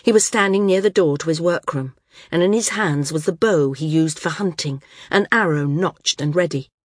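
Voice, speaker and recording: A woman narrating an audiobook in a measured storytelling manner. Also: sits low, no room sound, clean studio sound. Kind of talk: scripted narration.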